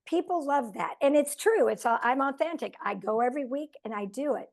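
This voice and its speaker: A woman on a team coaching call over a video link, passing on her own tips. She talks earnestly and is quick to laugh at herself. Her voice sits a little higher than most women's. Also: animated, gravelly, darkish tone. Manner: earnest, self-deprecating. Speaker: team member sharing tips.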